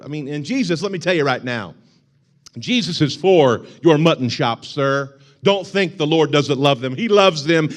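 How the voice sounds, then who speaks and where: A young adult man who is a pastor, preaching a sermon in a church in a joking, animated way. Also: medium pitch. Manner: joking and animated, with laughs and put-on shouts. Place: church sanctuary.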